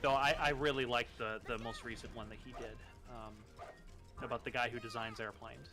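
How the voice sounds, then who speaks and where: A man's voice: medium pitch, fairly even intonation, a little fast, over music. A young man co-hosting a casual gaming stream chat, talking eagerly and swearing freely. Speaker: co-host.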